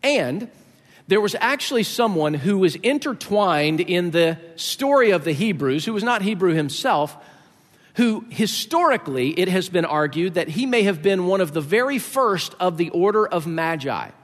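A man's voice: high-pitched, lively intonation, normal speed. A man preaching a sermon, explaining scripture in a conversational way with joking asides to the congregation. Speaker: pastor. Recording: echoey hall.

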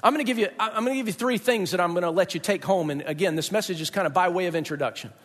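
High-voiced man preaching in a reverberant hall. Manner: emphatic, conversational preaching with dramatic pauses. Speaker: pastor. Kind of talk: sermon.

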